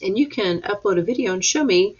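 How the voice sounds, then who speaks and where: A woman's voice: medium pitch, expressive, slightly rough. A woman teacher, giving a patient, step-by-step remote class lesson over a webcam. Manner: slow, patient step-by-step instruction. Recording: dull lo-fi webcam audio.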